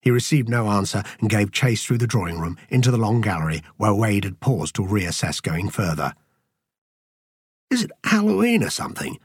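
A man narrating an audiobook in a measured, even storytelling manner. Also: lowish voice, slightly rough, dry recording, clean studio sound. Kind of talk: scripted narration.

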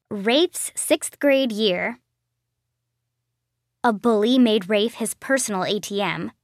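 Woman narrating a lively kids' audiobook. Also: medium pitch, no room sound, studio quality. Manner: lively, girlish first-person storytelling. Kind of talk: scripted narration.

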